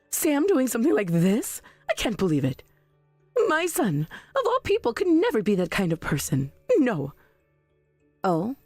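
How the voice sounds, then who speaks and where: A woman voicing an indignant middle-aged mother in a text-message drama, dramatic with sweeping pitch swings. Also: no echo, exaggerated voice. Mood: outraged.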